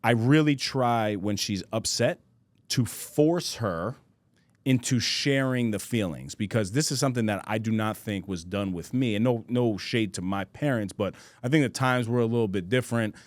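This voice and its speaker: A man's voice: lowish voice, moderate pace, no room sound. Chill podcast dude in his 30s, slangy, says bro a lot, dry close mic. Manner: loose slangy talk, says bro a lot, laughs easily. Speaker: podcast host. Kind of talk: casual storytelling chat.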